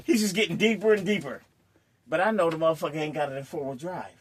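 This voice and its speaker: A high-pitched man tells a rowdy anecdote as host, cursing freely, breaking into laughter and acting out each moment. A faint hiss sits under his voice. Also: fast. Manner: crude, swearing storyteller who laughs often and acts out scenes. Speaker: host telling a story. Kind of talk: casual anecdote telling.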